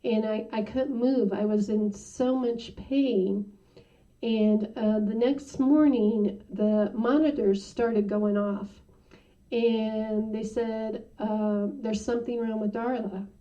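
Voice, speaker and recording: Woman guest, slow and mellow, sharing a testimony; distant, muffled mic. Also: a little high, steady tone. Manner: halting, many "you know" fillers. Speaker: interview guest. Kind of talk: personal testimony.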